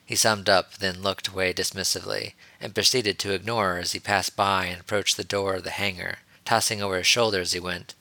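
Low bright-voiced male storyteller. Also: fairly even intonation, fairly quick, no room sound. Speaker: narrator. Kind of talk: audiobook reading of fan fiction.

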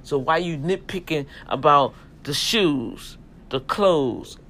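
A man's voice: a little high, slow pace, a bit bright. A man in a casual, sermon-like rant to his viewers, emphatic and folksy, urging them toward God. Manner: talks directly to viewers, folksy. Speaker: vlogger and self-publisher. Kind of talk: casual preachy rant to camera.

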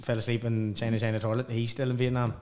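A man spins a loose, sweary travel yarn in relaxed conversation. He breaks into laughter at his own punchlines and acts out the lines of the people in his stories. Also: medium pitch, fast talker. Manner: sweary, animated storyteller who laughs through his own tales. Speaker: podcast guest. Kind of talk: casual storytelling chat.

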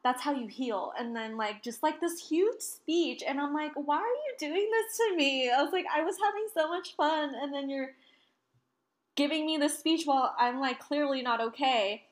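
Young woman, kinda high voice, chatty and animated, swears a lot acting out quotes. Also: normal speed. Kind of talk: casual storytelling chat.

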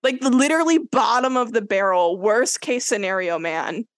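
Her voice is slightly high and her pace moderate, recorded with no echo. This young woman co-hosts a podcast and relates a dating story in a lively, casual way, full of "like" and acted-out quotes.

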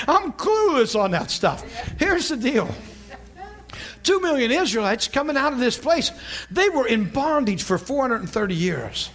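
Animated, high-voiced male preacher. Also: moderate pace. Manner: animated, laughing often, folksy. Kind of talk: sermon.

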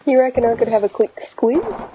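A woman's voice: on the high side, animated, moderate pace, noisy background, voice pushed up, natural voice. A woman voicing a brash, overfamiliar Australian male army captain with breezy slang. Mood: cheeky.

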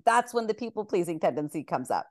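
A woman guest on a podcast, speaking gently and reflectively and laughing easily. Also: lowish voice, sing-song, fast talker, no room sound, clean studio sound. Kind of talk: conversational podcast talk.

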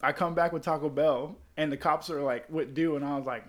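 A man's voice: fairly high pitch, fairly even intonation, a little fast. A young man telling rambling, profane stories to friends in a casual chat, laughing at his own jokes.

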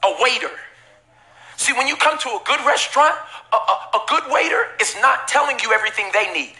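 A man preaching a sermon as pastor to a live church congregation, emphatic and repetitive with bursts of shouting and casual joking asides. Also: very high-pitched, lively intonation, a little fast.

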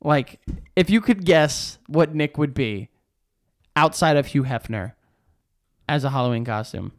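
A man's voice: on the high side, animated, measured pace. A young man co-hosting a podcast in casual chat, laid-back and rambling, swearing often. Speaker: podcast co-host.

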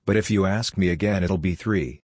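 A man's voice: low-pitched, a little fast, a little mellow, slightly rough, dry recording, studio quality. A man reading the lines of a confused, irritable man in a story, asking short, baffled questions. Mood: bewildered. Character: confused, irritable man losing his temper.

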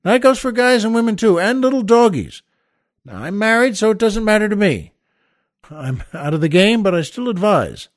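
This is an older man with a fairly high voice, hosting his own comedy podcast. He rambles, chuckles and restarts as he plugs merchandise and tells an old joke. The sound is dry and close, with no room around it. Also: very animated, normal speed, dry recording. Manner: rambling, chuckling storyteller who tells jokes with little voices. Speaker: podcast host. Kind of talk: casual comedic monologue.

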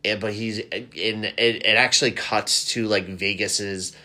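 A man chatting casually as a podcast co-host, animated and quick to act out characters' lines. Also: lowish voice. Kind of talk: casual chat recapping a TV episode.

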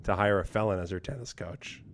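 A man's voice: sits low, a little fast, dry recording. A man hosting a podcast in casual chat, playful and teasing. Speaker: podcast host.

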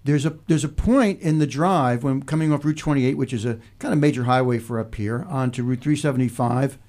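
Older man musing in a mellow voice. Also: medium pitch, brisk. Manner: thoughtful, meandering storytelling with frequent restarts. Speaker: podcast host. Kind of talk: casual reflective chat.

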